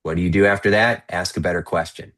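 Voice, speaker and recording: A man with a deep, low-pitched voice talks as a guest on an interview podcast. He coaches the listener in an energetic, persuasive way. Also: fast. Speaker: guest, motivational speaker.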